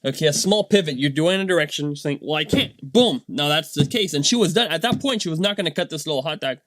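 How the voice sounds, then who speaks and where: Rambling, animated dad telling a story. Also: male voice, fairly high pitch, fast, dry recording. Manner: rambling, animated storytelling, many "right?" tags. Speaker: vlogger and dad. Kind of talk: casual motivational talk.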